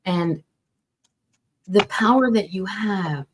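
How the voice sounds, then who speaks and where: A woman doing a casual card reading, talking in a halting way as she searches for words. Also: medium pitch, slight background noise, poor audio. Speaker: card reader.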